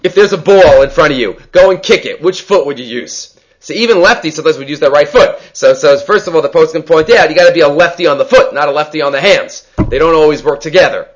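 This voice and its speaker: Man teaching a lively Talmud class. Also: a little high. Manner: quick, animated, mixes Hebrew and Aramaic terms into English explanation. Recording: lo-fi muffled recording.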